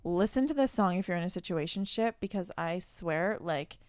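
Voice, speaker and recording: A young woman co-hosting a podcast, telling a dating story in an animated, casual way with lots of "like"s. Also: lowish voice, moderate pace, no room sound, clean studio sound. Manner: animated storytelling, many "like"s, reads her texts aloud. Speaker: podcast co-host. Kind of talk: casual chat.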